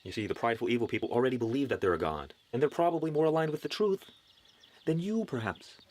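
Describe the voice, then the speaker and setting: A man's voice: medium pitch, expressive, quick pace, darkish tone. Earnest man giving a spiritual pep talk. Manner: preachy, earnest, wry asides. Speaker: spiritual motivational speaker.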